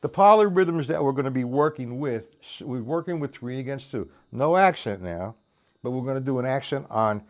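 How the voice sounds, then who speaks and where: A man's voice: mid-range voice, expressive, normal speed. A man giving a casual drum lesson. He counts beats aloud and talks in loose, restarting sentences, dropping in "man" here and there. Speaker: drum teacher.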